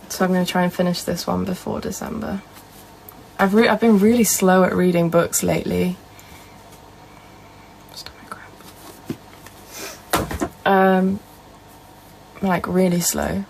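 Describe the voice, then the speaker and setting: Chatty Northern English woman, gravelly. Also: lowish voice, a little slow, a little hiss or hum, poor audio. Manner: reads out and answers viewer comments in a relaxed, chatty way. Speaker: livestreamer. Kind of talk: casual live-stream chat.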